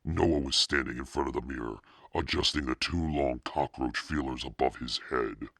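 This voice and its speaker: A man hosting a reading podcast as the devil, narrating a book slowly in a sinister persona. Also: a bit bright, dry recording, studio quality. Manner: slow, deep gravelly devilish delivery.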